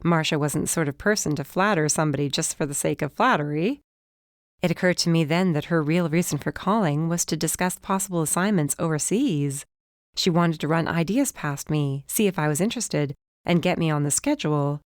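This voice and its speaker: A woman giving first-person audiobook narration, lively and rising in pitch when the dialogue turns heated. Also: a little fast, no room sound, studio quality.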